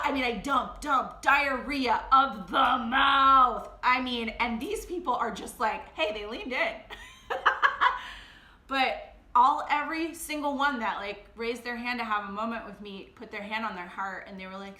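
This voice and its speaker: A woman in her thirties with a high voice hosts a podcast, giving a motivational monologue. Her crisp, bright delivery alternates between fast, excited bursts and slow, hushed emphasis, and the recording has a noticeable roomy echo.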